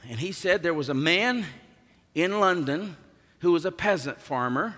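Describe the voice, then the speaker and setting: Pastor guy preaching, bright forceful voice, big echoey church sound. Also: fairly high pitch, animated, normal speed. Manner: emphatic preaching with strong swings in volume. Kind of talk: sermon. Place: church sanctuary. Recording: long hall reverb.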